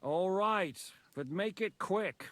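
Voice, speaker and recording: A man's voice: sits high, slow, a bit bright, no echo. A man voicing a blunt male rebel commander in a video game, curt and commanding, with swearing. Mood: stern.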